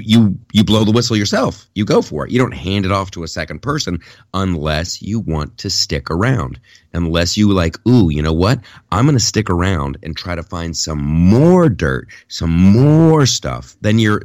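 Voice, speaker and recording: A man co-hosting a podcast in casual political chat, jokey and animated, with many restarts. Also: low-pitched, no room sound, studio quality. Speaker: podcast co-host.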